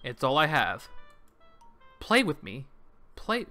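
Excitable young man reacting to a game. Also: fairly high pitch, slow pace, pauses often, faint music behind. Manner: excitable, swears a lot, reads game text aloud then reacts with sudden shouts. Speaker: gamer playing a visual novel. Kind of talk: let's play commentary.

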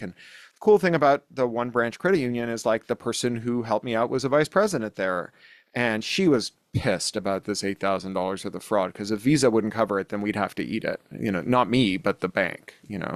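A man with a low voice tells a story from his own life, chatty and animated, and acts out the dialogue as he goes. The recording is close and dry, with almost no room sound. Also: vocal fry, no echo. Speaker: author telling a personal story. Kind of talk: casual spoken anecdote for a podcast.

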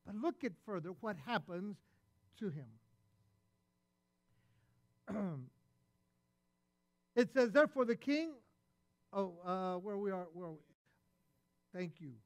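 A man preaching a sermon as pastor, retelling a parable and acting out its voices with animated delivery. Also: high-pitched, slow pace, pauses often, dry recording.

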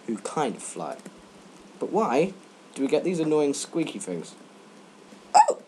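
A teenage boy rambling and joking through gaming commentary, breaking into sudden loud yelps. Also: medium pitch, a little hiss or hum. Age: teens. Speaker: let's play gamer.

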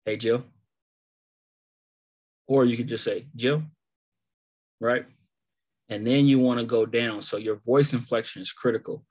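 A man's voice: mid-range voice, steady tone, brisk, few pauses, darkish tone, dull audio. Man in his thirties coaching sales calls. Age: 30s. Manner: coaching, repetitive emphasis, demonstrating lines. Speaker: sales trainer. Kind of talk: live phone sales training.

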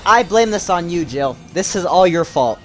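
A young man commenting on his gameplay with loud, panicky, swearing outbursts. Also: sits high, animated, normal speed, music in the background. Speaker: gamer streamer.

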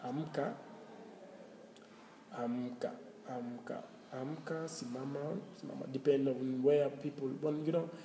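A slow, gravelly Kenyan man whose first language is Swahili gives a casual language lesson, his mid-range voice steady in tone. He repeats words slowly, spells them letter by letter and laughs often. The sound is roomy, with a long reverb tail and background noise.

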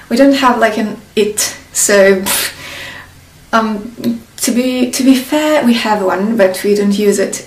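A woman from northern Italy with a Northern Italian accent, a native Italian speaker, teaching a slow, deliberate beginner language lesson in English and drilling words with pauses. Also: mid-range voice, roomy sound, distant mic, poor audio.

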